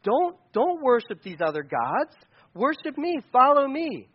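A man's voice: extremely high pitch, big pitch swings, a little slow, husky, pitched above the performer's own voice, full character voice. A man doing a fed-up, scolding God. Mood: exasperated. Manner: blunt, scolding, casual slang. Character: exasperated blunt male God, fed up. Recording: dull lo-fi sound.

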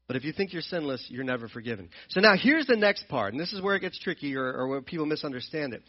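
A man's voice: fairly high pitch, big pitch swings, fast talker, muffled recording. A man teaching from the Bible in an earnest, explanatory way, often repeating and restarting his phrases. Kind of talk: sermon-style Bible teaching.

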